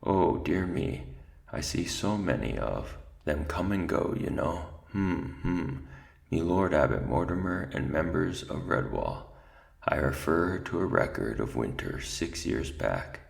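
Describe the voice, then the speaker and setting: A man's voice: extremely low pitch, sing-song, unhurried, creaky, full character voice. A man voicing an ancient, absent-minded male mouse archivist who mumbles asides and then recites grimly in a storybook reading. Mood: doddering.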